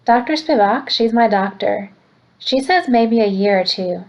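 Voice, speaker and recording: A woman's voice: on the high side, lively intonation, unhurried, muffled recording. A woman reading aloud, voicing a small, clever, bossy boy who talks in a formal, lofty way. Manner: precise, lofty wording.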